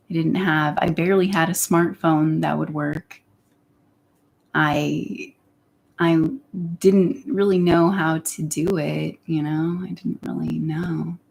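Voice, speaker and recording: A woman's voice: on the low side, gravelly, darkish tone. A young woman chatting candidly on her livestream, rambling and sometimes dropping into a whisper. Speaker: YouTuber. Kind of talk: casual livestream chat.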